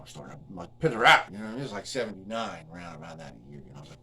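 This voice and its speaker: Fast and expressive, this fairly low-pitched man in his fifties, who restores guitars and vlogs, tells a meandering, laid-back story peppered with swearing and tags like "man" and "you know what I mean." There's a little hiss or hum, and loud guitar playing runs behind him.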